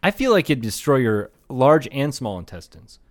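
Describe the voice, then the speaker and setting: A man's voice: medium pitch, big pitch swings, moderate pace. A young man co-hosting a comedy podcast in loose, profane casual chat, laughing often and slipping into mocking voices. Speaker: podcast co-host.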